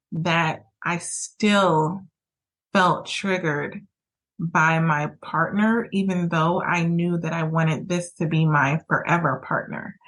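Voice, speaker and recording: A woman podcast host tells a personal story in a loose, rambling way, full of fillers and restarts. Her voice sits a bit low. She jumps much higher when she acts out what she told herself. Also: fairly bright tone, poor audio. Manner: candid, rambling, with many fillers; jumps high into acted quotes. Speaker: podcast host and relationship coach.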